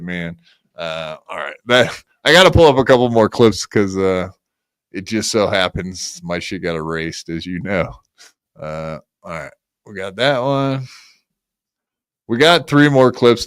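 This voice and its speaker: A man's voice: lowish voice, a bit bright, smooth, no echo, clean studio sound. A man hosting a podcast in casual chat, delivering profane, mocking rants. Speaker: podcast host.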